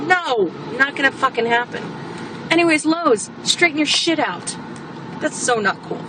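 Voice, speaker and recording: A woman with a high voice talks in an exasperated, blunt way and swears freely. She rants casually as a homeowner. Car and street noise is clearly audible under her voice. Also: expressive, moderate pace. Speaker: homeowner venting on camera. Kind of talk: casual rant. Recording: background traffic noise.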